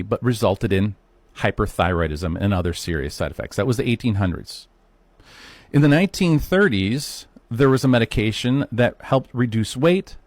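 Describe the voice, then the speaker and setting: A man's voice: on the low side, a little mellow, no echo. A man in his fifties giving a casual solo talk, walking viewers through a history with chatty, rhetorical asides. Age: 50s. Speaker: health talk host. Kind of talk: solo educational monologue.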